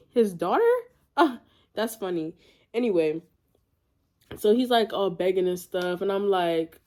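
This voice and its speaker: A young woman telling a personal story in a casual, animated vlog, full of disbelief and filler words. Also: medium pitch, measured pace, long pauses. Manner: animated, incredulous, lots of "like" and "y'all". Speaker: storytime vlogger.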